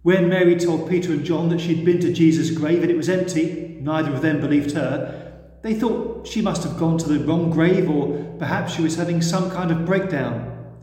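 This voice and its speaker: A man preaching, retelling a story gently and expressively before leading a prayer. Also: fairly high pitch, normal speed. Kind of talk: sermon storytelling. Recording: echoey church hall.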